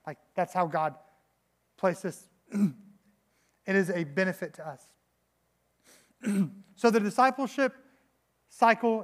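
Guy preaching a sermon, kinda high voice, earnest, trips over his words a lot. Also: expressive, slow pace, pauses often. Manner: earnest, restarts and repeats words, acts out quotes. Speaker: pastor.

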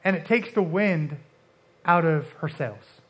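A man preaching a casual, conversational sermon, often restarting and dropping suddenly soft for emphasis. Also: on the high side, animated, slow, slightly rough. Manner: conversational, uses filler like and restarts, dramatic drops to soft.

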